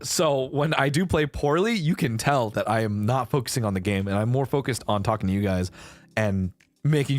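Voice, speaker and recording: Animated young man ranting on stream. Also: medium pitch. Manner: animated, swearing, shouting in protest. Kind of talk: casual stream chat.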